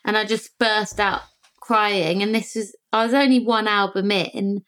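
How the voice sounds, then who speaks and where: A woman, a singer and podcast guest, telling lively stories in casual chat and acting out the voices of the people in them. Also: on the high side, moderate pace. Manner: animated, acts out quoted voices.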